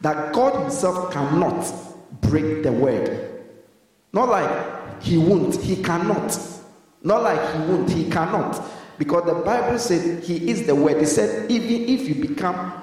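A man preaching a sermon as pastor, pausing so the congregation can finish his sentences in call-and-response. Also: on the high side, lively intonation, darkish tone. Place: church hall. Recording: echoey hall, voice from far off.

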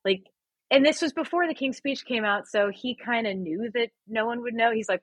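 Guest woman, thirties, husky and dry, animated and laughing as she tells stories. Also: on the high side, brisk, no echo. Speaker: guest, singer and actress. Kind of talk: storytelling in a casual interview.

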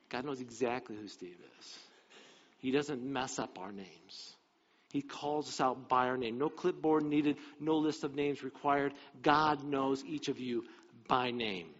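A male pastor preaching a sermon in an animated way, acting out the dialogue from scripture. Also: fairly high pitch. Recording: dull, reverberant hall sound.

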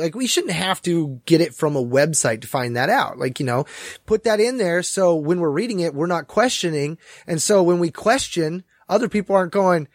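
A man's voice: a little high, dry recording, clean studio sound. A man chatting casually on a podcast, rambling with many fillers and restarts. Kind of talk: casual chat.

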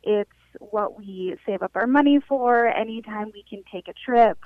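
A woman's voice: mid-range voice, normal speed, dry recording. Woman caller on a dull dry phone line, friendly, chatty, says um and like a lot. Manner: friendly, casual, lots of fillers. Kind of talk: phone-in storytelling. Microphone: telephone.

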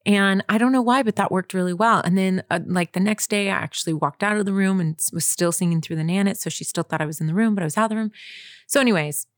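A woman's voice: medium pitch, fast talker, dry recording, studio quality. Chatty young woman telling a parenting story. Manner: chatty storyteller, lots of "like" and "you guys". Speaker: podcast co-host. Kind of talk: casual chat.

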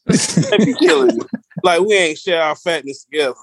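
A man's voice: a little high, sing-song, moderate pace, no room sound. A man co-hosting a casual comedy podcast, joking around and laughing often. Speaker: podcast co-host, host's adult son.

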